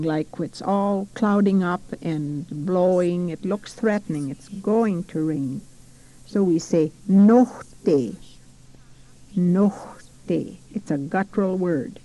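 A woman's voice: lowish voice, mellow, low-quality recording. A woman teaching a recorded language lesson, saying each word carefully and repeating it.

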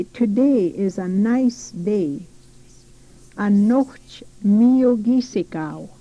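Woman, language teacher, very slow pace, warm mellow tone, repeats each word. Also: medium pitch, low-quality recording. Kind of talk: recorded language lesson.

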